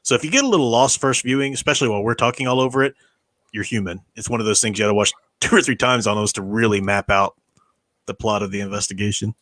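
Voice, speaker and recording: A man's voice: on the low side, fast, a bit bright, no echo. Chatty man talking over a movie. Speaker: podcast host. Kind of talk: casual film commentary chat.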